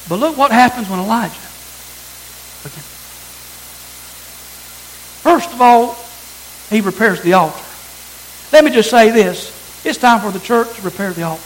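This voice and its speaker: A man's voice: high voice, lively intonation, normal speed, long pauses, a little hiss or hum, low-quality recording. A man preaching a sermon, reading scripture aloud and repeating phrases for emphasis.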